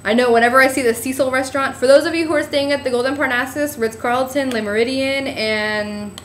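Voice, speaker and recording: Vlogger, woman from New Jersey, higher voice, chatty, tired, faint noise behind. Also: fairly even intonation, fairly quick, fairly bright tone. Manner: chatty, lots of "like" and "I was like", acting out quotes. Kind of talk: casual trip-report storytelling.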